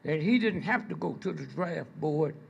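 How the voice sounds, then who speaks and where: The high-cut recording captures an older man lecturing a live audience through stories, his high voice gravelly and husky, his intonation lively. Delivery is slow and stretched out with deliberate pauses, and he keeps poking the audience with "Hmm?" and "Huh?"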